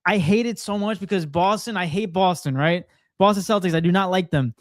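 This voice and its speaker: A man co-hosting a casual sports chat, opinionated and confident, talking in quick bursts. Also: high-pitched, no room sound. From Portuguese heritage. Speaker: co-host.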